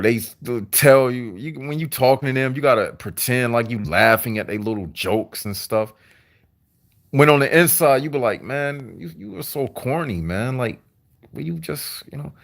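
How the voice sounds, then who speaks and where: Low-voiced man. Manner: deliberate, repetitive and preachy. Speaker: vlogger. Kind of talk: livestream monologue to viewers.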